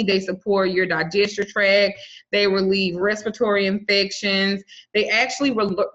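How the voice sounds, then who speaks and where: Joking her way through a laid-back online herb class, a woman spells out the names of herbs letter by letter in a blunt, raunchy, foul-mouthed manner. She's an herbal and spiritual teacher with a mid-range voice that's a bit bright. The sound quality is lo-fi and muffled.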